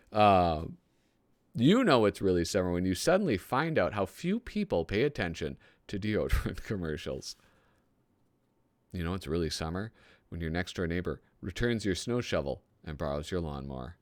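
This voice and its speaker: A man with a low voice that jumps around a lot, reading old magazine gags aloud in casual comedic commentary. He chuckles often and makes self-deprecating asides, recorded in a dry, close space. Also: big pitch swings, normal speed, no echo.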